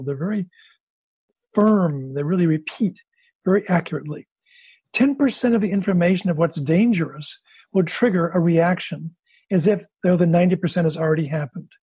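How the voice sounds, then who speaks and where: A man's voice: sits high, a little fast, darkish tone, husky, no echo, lo-fi sound. A male therapist explaining his method and acting out a couple's session. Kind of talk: explanatory talk with role-play demonstration.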